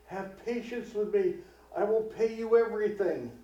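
A man's voice: high voice, normal speed, dark tone, pitched above the performer's own voice, natural voice. A man voicing a desperate servant who begs his master for patience. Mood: pleading. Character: desperate pleading male servant. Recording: distant, echoey, dull hall recording.

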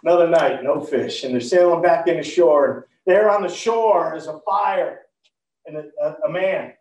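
A man preaching a storytelling sermon, animated, swinging from loud to hushed. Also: on the high side, moderate pace. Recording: roomy, far from the mic.

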